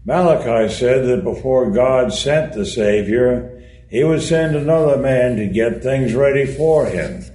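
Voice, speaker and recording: A man reading a sermon aloud in a measured way, with touches of dry humor. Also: medium pitch, mellow. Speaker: reader of a sermon. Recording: echoey room.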